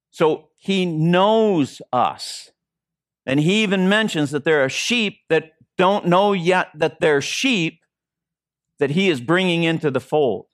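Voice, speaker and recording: Interim pastor, male, earnest preacher, slightly high voice, dry recording. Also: takes it slowly, no room sound. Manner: earnest, repeats phrases for emphasis. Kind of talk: sermon. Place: church.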